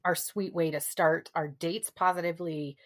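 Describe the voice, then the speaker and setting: A woman hosts a casual podcast chat with a lowish voice. She reacts in a wry way and stays encouraging toward her guest. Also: fairly even intonation, normal speed, soft background music. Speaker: podcast host.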